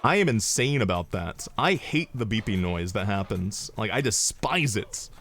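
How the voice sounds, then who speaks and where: A young man streaming, telling stories in an animated, rambling way, swearing and drifting into asides. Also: fairly low pitch, normal speed. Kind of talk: casual storytelling on a livestream.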